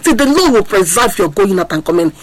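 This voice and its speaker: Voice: medium pitch, very animated, quick pace, slight background noise, low-quality recording. A preacher gives a sermon, repeating refrains in a sing-song, impassioned way and asking the listeners whether they are hearing. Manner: asks the audience to listen.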